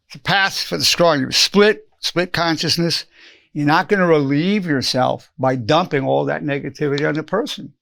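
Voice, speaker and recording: A man's voice: fairly high pitch, moderate pace, gravelly, fairly bright tone. A man in his eighties, a psychologist giving an earnest spoken self-help lesson, repeating lines for emphasis and acting out quoted phrases. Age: 80s.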